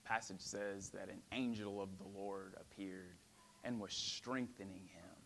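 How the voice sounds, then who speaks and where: A man preaching a sermon dramatically, swinging from ringing emphasis to a hushed near-whisper. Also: deep voice, fairly even intonation, unhurried, vocal fry, slight background noise.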